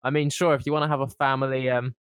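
A man hosting a podcast in casual comedic chat, joking around in quick banter with frequent laughs. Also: mid-range voice, flat delivery, a bit bright, clear, resonant tone, no echo. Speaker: podcast host.

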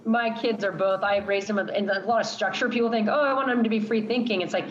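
A woman's voice: medium pitch, quick pace, dull audio, a little hiss or hum. A woman who teaches college science, talking earnestly and with strong opinions in a casual chat.

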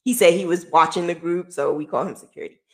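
A woman telling her own story in a casual vlog, candid and emotional, swearing freely, her voice dropping low and quiet, then rising loud and laughing. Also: fast.

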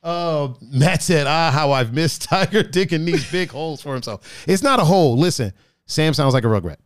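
A man's voice: fairly high pitch, lively intonation, moderate pace, no echo, clean studio sound. A man hosting a casual podcast, joking and rambling with restarts as he reads out the live chat.

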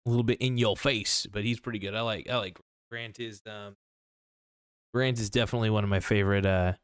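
A man's voice: on the low side, fairly even intonation, a little fast, smooth, no room sound, clean studio sound. Blunt, profane podcast host man. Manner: blunt, profane, skeptical, many fillers. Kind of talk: casual opinionated podcast rant.

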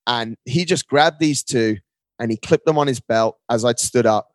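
A man's voice: medium pitch, normal speed, dry recording. Man telling a story in a dry, close recording. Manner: animated, often says "mate". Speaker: podcast guest. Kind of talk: casual storytelling conversation.

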